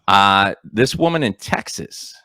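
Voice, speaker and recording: A middle-aged man hosts a comedy talk show, telling stories with a lively, swooping voice. He slips into the voices of the people in his tales. The sound is dry and close. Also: on the low side, slow, dry recording. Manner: storytelling, acting out quoted voices. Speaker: comedy podcast host. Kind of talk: casual comedic banter.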